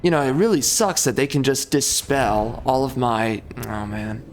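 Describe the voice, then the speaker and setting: A man's voice: mid-range voice, normal speed, faint music behind. A young man commenting on his strategy game, grumbling and exasperated as things go wrong. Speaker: gameplay streamer. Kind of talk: frustrated gameplay commentary.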